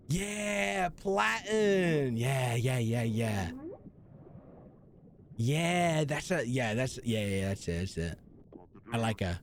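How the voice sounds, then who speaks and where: Young male streamer, animated and chatty, high voice with very lively swings. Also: moderate pace, a little hiss or hum. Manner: animated, chatty, replies to chat with slang. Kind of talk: casual live gaming stream.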